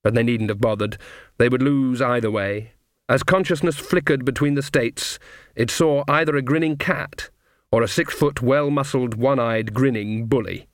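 A man's voice: medium pitch, moderate pace, dry recording. A man narrating an audiobook with a dry, wry storytelling manner.

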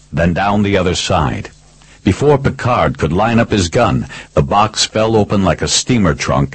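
A man with a very deep, husky voice narrates a first-person thriller in a steady, terse delivery. The sound is dry and close, with no room around it. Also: no room sound, rough recording. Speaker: audiobook narrator.

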